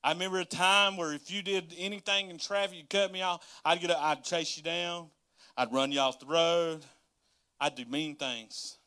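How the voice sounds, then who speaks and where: Pastor in his thirties, bright and animated, chatty livestream sermon. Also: fairly high pitch, normal speed, clean tone. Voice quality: folksy, laughing, storytelling, animated.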